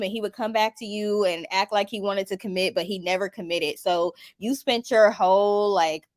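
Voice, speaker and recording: Woman vlogger spinning a chatty personal story, animated, close and dry. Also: medium pitch, dry recording. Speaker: spiritual vlogger. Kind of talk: casual storytelling.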